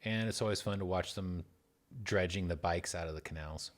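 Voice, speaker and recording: A man's voice: sits low, moderate pace. A young man co-hosting a podcast with a dry, understated, wry way of talking. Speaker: podcast co-host. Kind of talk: casual chat.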